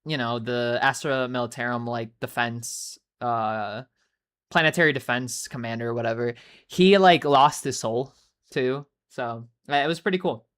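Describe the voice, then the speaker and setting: A woman livestreams and greets viewers while chatting casually, rambling with heavy fillers and profanity. Her voice is extremely low, at a moderate pace.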